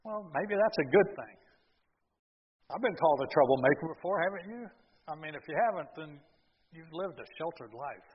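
A male pastor preaching a sermon, retelling the story with lively, sarcastic asides to the congregation. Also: on the high side, normal speed, big-room sound, dull audio. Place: church sanctuary.

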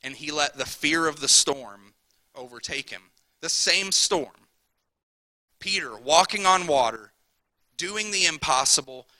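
A pastor, a man, delivers a sermon with a very bright, cutting tone and a voice a bit higher than most men's. He talks to the congregation casually, tossing in "right?" and dropping to quiet asides before pushing back up to loud emphasis. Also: expressive, a little slow, dry recording, low-quality recording. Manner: conversational preaching, repeats "right?", swings from soft asides to loud emphasis.

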